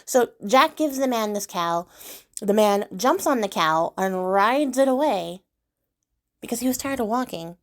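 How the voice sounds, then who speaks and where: A woman's voice: mid-range voice, lively intonation, a little slow. A young woman hosting her own channel, retelling a fairy tale in a chatty, sarcastic, filler-heavy way. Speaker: channel host, storyteller. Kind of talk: casual storytelling.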